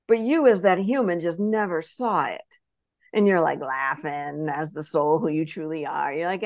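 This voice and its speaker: A woman with a lowish voice gives a spiritual reading and tells it as a lively story. She keeps acting out little quoted voices and keeps asking whether her listener follows. The sound is close and dry, with no room around it. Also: measured pace, vocal fry, no room sound. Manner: animated storyteller who acts out quotes; checks in with the listener often. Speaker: spirit messenger, podcast guest.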